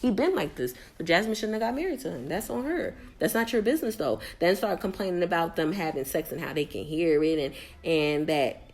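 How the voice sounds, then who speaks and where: A woman's voice: lowish voice, expressive, brisk, few pauses, darkish tone. A young adult woman recapping a reality show in a blunt, slangy, exasperated casual rant.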